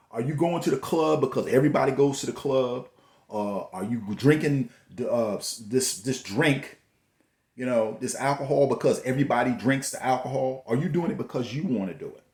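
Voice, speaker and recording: A man's voice: medium pitch, vocal fry, darkish tone. A man giving a motivational talk, preachy and repetitive, full of rhetorical questions. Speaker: host. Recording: echoey room.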